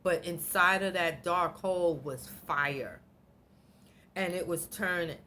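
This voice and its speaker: Animated, blunt woman with a bright voice. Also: lowish voice, slow, slight background noise. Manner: animated, blunt, swears freely. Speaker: vlogger. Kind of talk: emotional storytelling.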